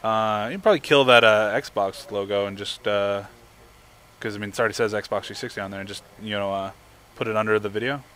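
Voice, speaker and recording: A man's voice: lowish voice, fairly even intonation, a little fast, fairly bright tone, a little hiss or hum. A young man hosting a casual live stream, cheerfully reading viewer messages aloud and chatting. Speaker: livestream host.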